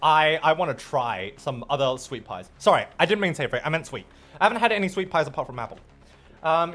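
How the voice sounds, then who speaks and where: A man's voice: fairly high pitch, expressive, fast, pushed and bright, faint music behind. A young man, a streamer, chatting casually and playfully with viewers while gaming. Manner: chatty and playful, reacts to chat. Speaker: streamer and host.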